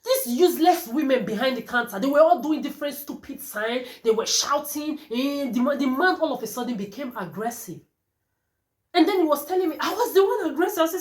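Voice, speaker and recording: A woman's voice: sits high, very animated, brisk. A woman delivering a defiant, profane rant to camera. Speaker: vlogger. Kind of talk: angry monologue to camera. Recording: roomy echo.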